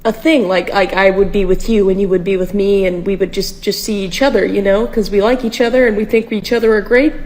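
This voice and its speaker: A woman's voice: mid-range voice, steady tone, brisk, hardly any pauses, a little mellow, close to an everyday voice, poor audio. A woman playing a clingy young woman who earnestly wants a relationship.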